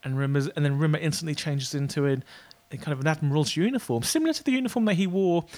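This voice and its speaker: A man's voice: fairly high pitch, animated, quick pace, a little mellow. A man co-hosting a podcast, casually recapping a show with many fillers and brief character mimicry. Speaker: podcast co-host. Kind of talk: casual chat recapping an episode.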